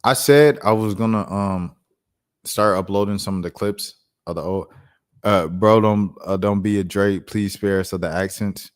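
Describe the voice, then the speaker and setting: A man hosting a live stream and chatting casually, reacting to news in loose slang and thinking out loud. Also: lowish voice, normal speed. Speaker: streamer host.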